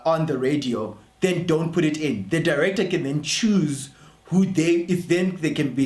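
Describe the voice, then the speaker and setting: A man hosting a casual interview, thinking aloud and restating points with a few restarts. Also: fairly high pitch. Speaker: host. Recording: roomy echoey room.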